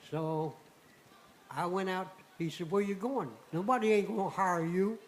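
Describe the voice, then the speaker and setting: An older man, a returning radio guest, telling a personal story in a folksy, animated way and acting out the dialogue. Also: high voice, measured pace, low-quality recording.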